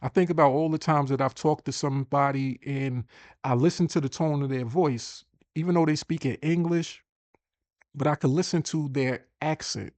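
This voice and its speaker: A man's voice: on the high side, normal speed, darkish tone, no echo. A man hosting a casual screen-share tutorial, chatty and thinking aloud as he repeats himself. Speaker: host.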